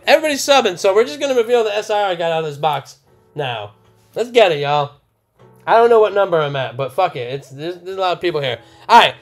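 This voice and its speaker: A young man live-streaming a card opening, loud and swearing, laughing and shouting with excitement. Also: high-pitched. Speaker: streamer opening trading cards.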